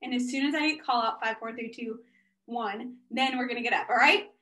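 A woman with a high, bright speaking voice gives an energetic workshop talk as a guest speaker. She sounds upbeat and chatty and keeps encouraging the audience she addresses. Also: moderate pace. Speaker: guest speaker and business owner.

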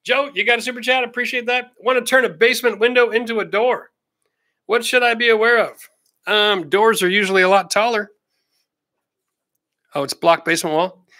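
A man's voice: extremely high pitch, fairly even intonation, fairly quick, pauses often, bright, forceful tone, no room sound, clean studio sound. A middle-aged Canadian man hosting a casual livestream, chatty and practical with jokey asides. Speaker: host answering live chat questions.

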